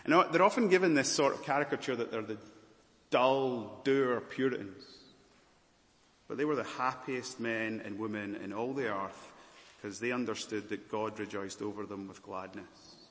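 A man's voice: on the low side, normal speed. Preaching man in a reverberant hall. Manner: earnest preaching, rising loud then dropping to soft. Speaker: pastor. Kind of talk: sermon.

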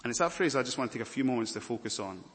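A man preaching a sermon, earnest and expressive, swinging from raised emphasis to quiet softness. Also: medium pitch, very fast. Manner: earnest preaching, rising loud then dropping to soft. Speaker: pastor. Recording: long hall reverb.

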